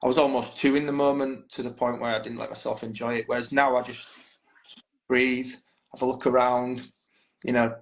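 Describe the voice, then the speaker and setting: A man's voice: mid-range voice, vocal fry, poor audio. Chatty man telling stories. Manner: chatty, candid storytelling, swears freely, says "mate" a lot. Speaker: guest, band frontman. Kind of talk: casual podcast interview.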